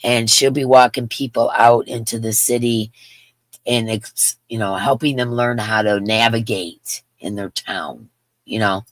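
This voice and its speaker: Speaking at a measured pace with fairly even intonation, this crochet livestream host has an extremely low-pitched voice and no echo around her. She's a woman in her fifties who chats in a rambling way and reads viewer comments out loud.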